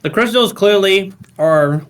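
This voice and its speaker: A man's voice: high voice, unhurried, a bit bright. A man running a tabletop game as game master, describing scenes with frequent ums. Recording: voice far from the mic.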